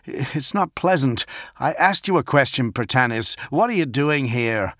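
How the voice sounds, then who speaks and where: A man's voice: expressive, a little slow, fairly bright tone, no room sound, clean studio sound. A man voicing an agitated male prisoner with psychic powers, talking in a strained, indignant way in an audiobook. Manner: indignant, pleading, raised pitch.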